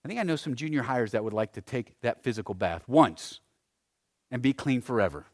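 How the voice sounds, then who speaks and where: A man preaching a sermon, swinging between loud emphasis and hushed phrases, often repeating words as he presses a point. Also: medium pitch, expressive, a little fast. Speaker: pastor.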